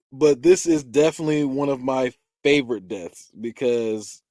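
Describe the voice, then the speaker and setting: Lively podcast host man, dry sound. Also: mid-range voice, no room sound. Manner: animated, laughing, swearing, acting out scenes. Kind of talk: casual movie-review chat.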